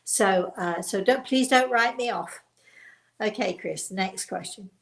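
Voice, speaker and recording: An older woman with a mid-range voice and a slightly hoarse throat hosts a live call-in show as a medium. She talks casually and warmly encourages her viewers, often joking about herself. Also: mid-range voice, measured pace, rough recording. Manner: chatty, encouraging and self-deprecating. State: hoarse, voice recovering. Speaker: psychic medium and show host. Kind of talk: live online call-in talk.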